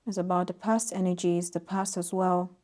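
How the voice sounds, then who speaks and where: Mellow-voiced woman giving a tarot reading. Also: fairly low pitch, level tone, moderate pace. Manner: soft-spoken, reads oracle card text aloud with gentle emphasis. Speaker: tarot reader. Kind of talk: intuitive tarot reading to camera.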